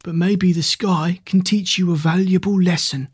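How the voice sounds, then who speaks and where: A kindly, mysterious old man, played by a storybook narrator speaks slowly in a hoarse, breathy voice. He stays calm and patient. The sound is dry and close to the mic. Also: medium pitch, no room sound. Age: older. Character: mysterious wise old man with a strange cane.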